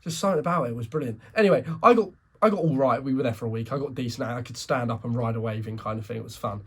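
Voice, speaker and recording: Husky young man, rambling. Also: mid-range voice, racing. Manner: rambling storyteller, restarts and self-corrects. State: tired, yawning. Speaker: podcast co-host. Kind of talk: casual chat.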